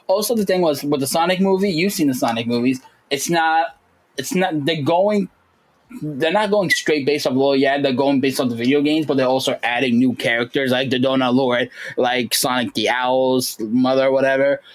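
A man co-hosting a casual podcast chat, animated and jumping into high voices when he quotes people. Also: moderate pace, poor audio. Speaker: podcast co-host.

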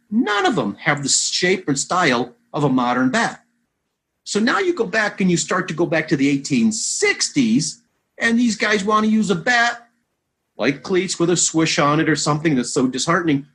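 As a guest in a relaxed interview, a man who plays vintage baseball tells long stories, rambling and animated with restarts. His voice is fairly high with a breathy edge.

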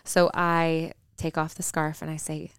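A woman in her thirties, a podcast co-host, tells a personal story with earnest reflection, pausing on fillers and restarting. Her low, very clear, slightly bright voice stays monotone and turns gravelly at phrase ends. The recording is dry and close, with no echo.

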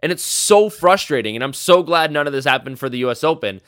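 A man hosts his own sports podcast and rants with real passion. His voice is smooth and clear, and the sound is close and dry. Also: a little high, expressive, a little fast, a bit bright, dry recording. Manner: passionate, fired-up rant. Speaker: podcast host. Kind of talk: solo sports podcast rant.

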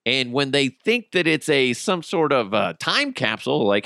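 A man's voice: medium pitch, very animated, normal speed, few pauses, sharp tone, no echo, studio quality. A man hosting a podcast, telling stories in a casual, profane, comedic way and laughing at his own jokes. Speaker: podcast host.

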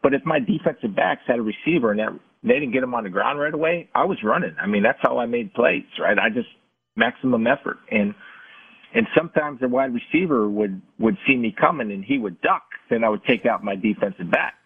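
A middle-aged man telling personal stories in an interview, earnest and halting, often restarting his sentences. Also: mid-range voice, expressive, breathy edge. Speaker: guest, former football player. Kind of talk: candid interview storytelling. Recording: tinny phone-like audio.

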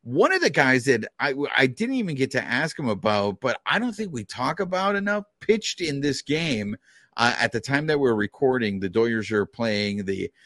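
A man's voice: mid-range voice, a bit bright, no room sound, studio quality. A man hosting a sports podcast, chatting casually and sprinkling in Spanish words. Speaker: podcast host.

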